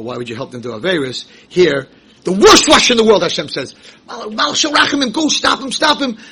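A man teaching a Torah class, emphatic and animated, asking rhetorical questions and rising to shouts. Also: mid-range voice, breathy edge, low-quality recording. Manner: rhetorical questions, acts out quotes. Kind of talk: Torah lecture.

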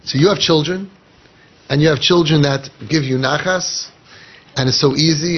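A man giving an animated Torah lecture in English, mixing in Hebrew and Yiddish phrases and acting out people's inner voices. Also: fairly high pitch, normal speed, a little hiss or hum. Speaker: rabbi. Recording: dull lo-fi podcast audio.

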